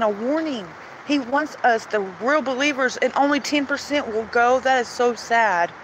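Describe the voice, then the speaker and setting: A woman's voice: high-pitched, normal speed, hardly any pauses, poor audio. Earnest rambling woman, faint vehicle hum. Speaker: vlogger sharing religious visions. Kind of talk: emotional personal monologue.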